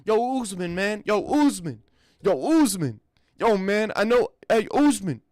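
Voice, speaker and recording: A man's voice: sits high, lively intonation, a little slow, darkish tone, dry recording, voice pushed up. A man putting on the voice of a pumped-up male fighter who repeats his taunts again and again, recorded dry and close. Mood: hyped, taunting. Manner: repetitive, pumped-up trash talk.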